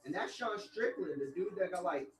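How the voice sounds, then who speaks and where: A man's voice: sits high, animated, moderate pace. A man hosting a live watch-along stream, chatting casually and telling rambling stories full of slang. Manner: rambling storyteller, slangy, says "bro" a lot. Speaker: livestream watch-along host.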